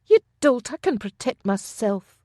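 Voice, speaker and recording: A woman performs a fiery young noblewoman, pitching her voice above her natural range to a fairly high, expressive tone at a moderate pace. The character sounds indignant, defiant, sharp and scornful, and the recording is dry with clean studio sound.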